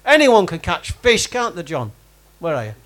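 Male preacher, conversational sermon, bright high register with very animated pitch. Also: normal speed. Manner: conversational, quizzes congregation by name. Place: church hall with congregation.

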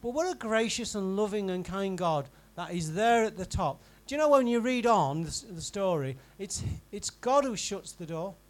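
High-voiced man preaching a sermon. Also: expressive, moderate pace, hardly any pauses, rough recording. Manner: conversational preaching, swinging from emphatic to quiet and intimate. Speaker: pastor. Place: church.

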